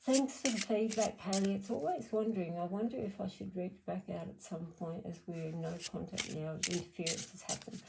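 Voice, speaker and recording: A woman's voice: fairly low pitch, fairly quick, vocal fry, few pauses, background noise. A middle-aged Australian woman giving a chatty, blunt card reading on a live stream, answering viewers by name. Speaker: card reader.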